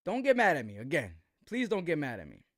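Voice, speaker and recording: A man's voice: on the high side, wildly swooping pitch, fast talker, no echo, studio quality. A man hosting a live boxing commentary stream, talking in slang with a defensive tone and asking "right?" again and again.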